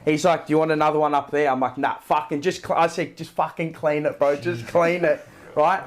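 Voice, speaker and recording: A young man chatting on a podcast, telling a story in an animated way with a lot of swearing and acted-out quotes. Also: on the high side, a little fast. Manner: animated, swearing storyteller acting out his own lines. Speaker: podcast co-host. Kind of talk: casual chat.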